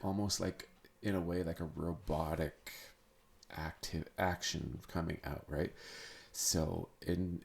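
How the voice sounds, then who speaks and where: A very low, gravelly male voice moves at an unhurried pace. He hosts a podcast and talks through something personal, often breaking off and starting again as he gropes for the right words. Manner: halting, searching, many restarts and fillers. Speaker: podcast host. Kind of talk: personal monologue.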